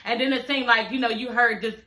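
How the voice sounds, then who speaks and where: A woman's voice: a little high, fairly even intonation, fast talker, sharp tone, echoey room. A woman reviewing a TV episode in a casual, chatty way, often cursing, laughing and calling her viewers y'all and girl. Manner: laughs often while talking. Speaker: show recap vlogger.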